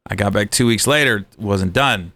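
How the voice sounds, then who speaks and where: A middle-aged man telling lively, profane stories in a casual podcast chat, jumping his pitch up for quoted voices. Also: a little fast. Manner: animated storyteller, swearing, jumps high for quoted voices. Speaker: podcast co-host.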